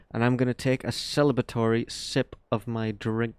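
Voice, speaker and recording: A man giving casual, rambling gameplay commentary as a let's play host, quick to marvel at what he sees. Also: mid-range voice, little pitch movement, darkish tone, smooth, no echo. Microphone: desk microphone. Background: faint game music.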